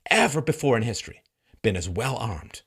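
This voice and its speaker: A man's voice: mid-range voice, sing-song, fairly quick, vocal fry, fairly bright tone, breathy edge. Guy ranting solo commentary, mocking and sarcastic, voice jumps up and down a lot. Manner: mocking, sarcastic, heated rhetorical questions. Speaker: commentary host. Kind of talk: political commentary monologue.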